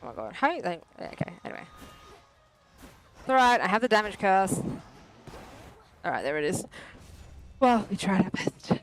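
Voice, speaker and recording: A therapist streaming a video game, talking to themselves and to chat in frantic, joking bursts with sudden yelps and mock-calm reassurances. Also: mid-range voice, moderate pace, pauses often. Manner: self-mocking, joking calm under pressure. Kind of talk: live gameplay commentary with chat.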